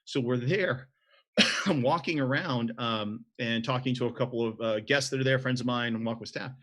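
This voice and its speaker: A middle-aged man from the southern United States spins a story with quick asides and self-corrections. He co-hosts a relaxed conversation and speaks at an ordinary pitch. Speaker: co-host. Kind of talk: casual chat.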